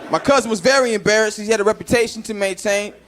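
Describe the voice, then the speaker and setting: A man doing stand-up, telling a story with animated shouts and mumbled character voices. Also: high voice, quick pace. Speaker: stand-up comedian. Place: comedy club stage. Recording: live club mic with crowd laughter and noise.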